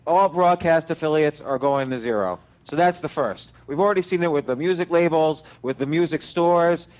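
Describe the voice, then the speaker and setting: A man's voice: a little high, moderate pace, a little mellow, low-quality recording. A man, a guest on a roundtable talk show, speaking emphatically in sweeping statements. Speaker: panel guest. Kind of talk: casual roundtable chat.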